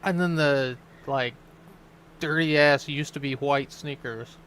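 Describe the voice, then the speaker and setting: A man's voice: mid-range voice, slow, fairly bright tone, a little hiss or hum. A man co-hosting a casual chat, mocking and swearing as he laughs his way through clips. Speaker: co-host.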